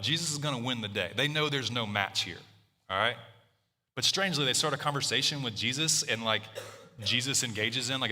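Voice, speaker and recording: Low-voiced man preaching in a reverberant hall. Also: pushed and bright. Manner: conversational preaching, frequent fillers and restarts. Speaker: pastor. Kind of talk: sermon.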